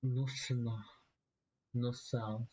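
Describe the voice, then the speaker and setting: A man's voice: mid-range voice, little pitch movement, extremely slow, mellow, husky, dull audio. A man streaming a game, joking around goofily. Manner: goofy, joking, laughing, mock French phrases. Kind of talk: casual game stream commentary.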